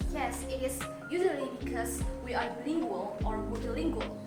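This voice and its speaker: A woman's voice: fairly high pitch, normal speed. A young woman co-hosting a casual podcast, agreeing and adding short explanations. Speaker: podcast co-host. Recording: echoey room with loud music behind.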